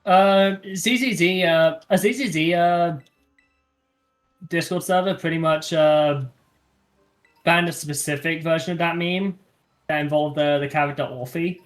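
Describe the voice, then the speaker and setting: A man's voice: on the high side, a little slow, long pauses. A man chatting casually as a guest on a game stream, telling stories with many fillers. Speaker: guest co-player. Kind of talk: casual chat while gaming.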